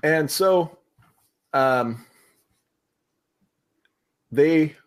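A man hosting a podcast, retelling a movie scene by scene in casual chat and laughing often. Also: on the high side. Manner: animated retelling, puts on quick voices for quotes, laughs often. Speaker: podcast host.

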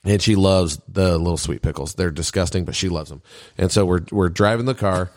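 A man in casual chat, telling a story at length and growing animated as he quotes himself and his wife. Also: low voice, a little fast, dry recording, clean studio sound. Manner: storytelling, animated when quoting.

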